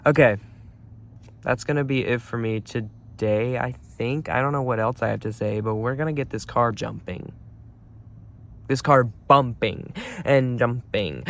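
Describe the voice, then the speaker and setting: A young man vlogging by his car at night, chatty and self-mocking, breaking into loud exclamations. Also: mid-range voice, a little slow, vocal fry. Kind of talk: casual vlog.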